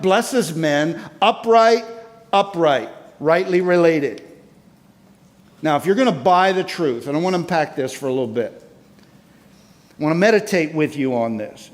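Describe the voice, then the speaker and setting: Male conference preacher, emphatic and methodical, raised pitch, reverberant sanctuary sound. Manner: emphatic, enumerating points, reads scripture aloud. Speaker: conference speaker. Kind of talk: sermon. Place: church sanctuary. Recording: long hall reverb.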